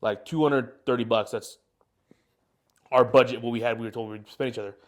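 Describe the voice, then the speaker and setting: A young man in his twenties co-hosts a podcast, telling a long, rambling story packed with fillers in casual chat. His mid-range voice holds a steady tone and moves fairly quickly.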